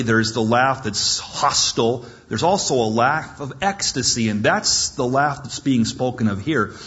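A man's voice: medium pitch, a bit bright, muffled recording. A man preaching a sermon with dramatic storytelling and jokes.

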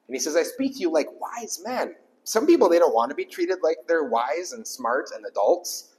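A pastor preaching an emphatic sermon to a small congregation, repeating key lines for weight. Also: male voice, a little high, big pitch swings, moderate pace, darkish tone, poor audio. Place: small church gathering.

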